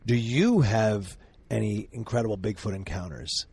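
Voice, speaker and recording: A man's voice: on the low side, lively intonation, moderate pace, creaky, darkish tone, slightly rough, no echo. A man co-hosting a podcast, making upbeat announcements and teasing his guest. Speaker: podcast co-host. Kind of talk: casual podcast chat.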